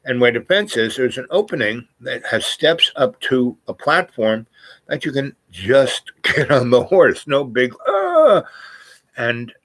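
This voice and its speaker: A man's voice: mid-range voice, unhurried, a bit bright, dry recording. A man telling a personal story in a casual, meandering way, full of fillers and restarts.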